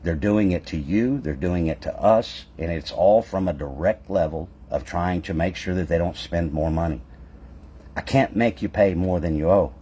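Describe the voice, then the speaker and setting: A man's voice: low-pitched, brisk, dark tone, breathy edge. A man who owns a public adjusting business, speaking straight to his audience in a fervent address full of rhetorical questions. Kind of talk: impassioned direct-to-camera address.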